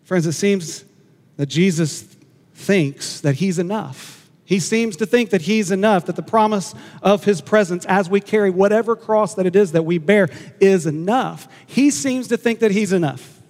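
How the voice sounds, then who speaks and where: A man preaching a sermon to his congregation, earnest and emphatic, repeating key words and pausing to let them sink in. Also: high voice, a little mellow. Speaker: pastor. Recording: hall reverb.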